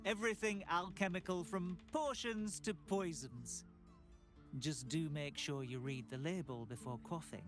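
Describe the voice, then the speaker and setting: A man's voice: fairly high pitch, unhurried, natural voice. A man playing a vain, suave luxury shopkeeper. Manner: smooth, polished, flattering. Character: refined, vain male shopkeeper fond of luxury. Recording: game music playing.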